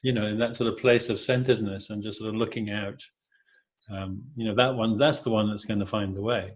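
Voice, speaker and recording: A middle-aged man giving a gentle, halting meditation talk, full of hesitations and filler words. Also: fairly low pitch, fairly even intonation. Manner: gentle, hesitant, many "you know" fillers. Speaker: meditation teacher.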